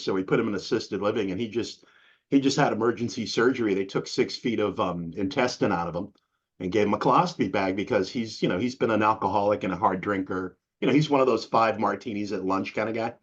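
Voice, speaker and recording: A man's voice: lowish voice, fairly quick, slightly rough. A middle-aged man as an interview guest, talking in a rambling, profane, casual way and saying "dude" a lot. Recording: dull lo-fi recording.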